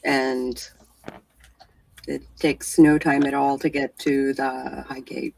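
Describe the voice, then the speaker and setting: Low-voiced woman running a tabletop game. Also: takes it slowly, creaky, recorded from a distance, a little hiss or hum. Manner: relaxed, hesitant, many fillers. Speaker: storyteller.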